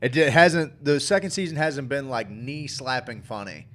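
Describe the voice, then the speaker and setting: A man's voice: medium pitch, lively intonation, moderate pace, a bit bright. A married man co-hosting a show, rambling and swearing casually with lots of fillers and restarts. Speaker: podcast co-host. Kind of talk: casual chat.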